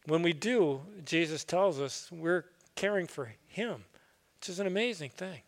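A man's voice: a little high, expressive, measured pace, big-room sound. A man speaking as a pastor, giving a sermon in an earnest, conversational way with easy asides.

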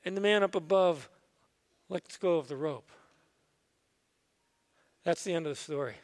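A man's voice: a little high, a little slow, big-room sound. A man, a pastor, telling a parable in a conversational, reflective sermon in church. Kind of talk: sermon storytelling.

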